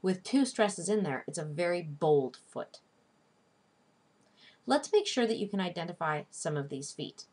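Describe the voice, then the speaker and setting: A woman instructor giving a recorded online lecture, teaching in a clear, deliberate way and slowing down to stress syllables. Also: fairly low pitch, expressive, a little mellow. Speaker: literature instructor.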